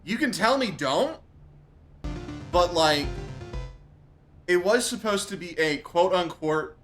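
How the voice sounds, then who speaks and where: Soft music plays behind a male streamer chatting live during a game, hurting from hot sauce. Mouth burning, eyes watering, he groans, yelps and repeats himself in a high, animated, somewhat bright voice at a slow pace.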